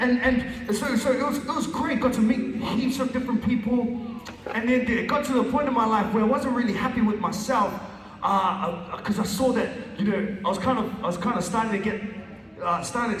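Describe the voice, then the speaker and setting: A man with a high-pitched voice tells his own story with earnest, stumbling restarts and repeated phrases. The sound is roomy, with a long hall reverb and the mic set well back from him. A faint hum of ambience sits underneath. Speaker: speaker giving a personal testimony. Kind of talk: emotional testimony storytelling. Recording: echoey hall from a distant mic.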